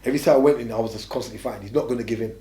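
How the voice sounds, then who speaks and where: Fast-talking slang man. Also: medium pitch, mellow. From England. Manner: fast, streetwise, repetitive emphatic phrasing. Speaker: interview guest. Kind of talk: casual conversational storytelling. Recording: echoey room.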